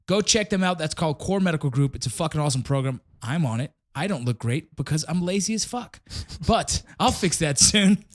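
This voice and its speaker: A man's voice: fairly high pitch, expressive, a little fast, hardly any pauses. A middle-aged man hosting a casual podcast in an office, chatting loosely with a friend, swearing and laughing often as he reads sponsors. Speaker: podcast host.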